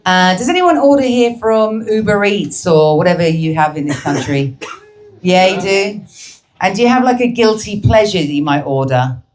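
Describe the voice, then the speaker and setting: A woman's voice: mid-range voice, animated, moderate pace, darkish tone, a little hiss or hum. A woman performing a brash, crude stand-up comedy set, teasing the crowd at a live show.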